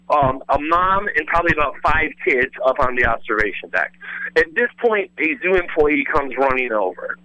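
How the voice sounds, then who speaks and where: A man tells a story in an animated, casual way, restarting sentences and tossing in curse words. His voice sits a little high and sounds bright and forceful. It has a tight, clipped edge. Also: no room sound, highs cut off. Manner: rambling, restarts with lots of "like", swears freely. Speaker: former radio host telling a story as a guest.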